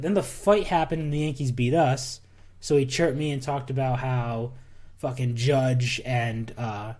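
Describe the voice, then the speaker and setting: A man's voice: mid-range voice, darkish tone. A man co-hosting a casual sports podcast, telling rambling stories and swearing casually. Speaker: podcast co-host.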